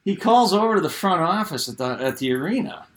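A middle-aged man and former hockey player, telling a story in casual chat, animated and laughing as he goes. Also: high voice, fast.

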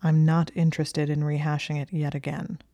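A woman's voice: low voice, normal speed, no room sound, muffled recording. Malfoy, a curt cold boy wizard, read by a woman. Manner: clipped, flat and curt.

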